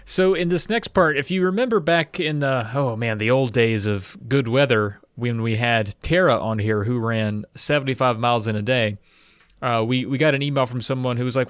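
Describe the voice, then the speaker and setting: A man co-hosting a chatty podcast, rambling along with a self-deprecating humor. He talks at a medium pitch, and the recording is dry and close to the mic. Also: moderate pace, fairly bright tone, smooth, no room sound. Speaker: podcast co-host. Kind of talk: casual chat.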